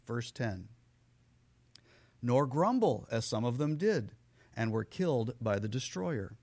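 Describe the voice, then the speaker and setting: A pastor preaching an animated sermon, who dramatically acts out the figures in his stories. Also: mid-range voice.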